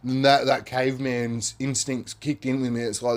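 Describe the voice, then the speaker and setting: A podcast storyteller with a medium-pitched voice and a moderate pace, this man is animated and relaxed, swears liberally, and punctuates lines with "man" and "right?".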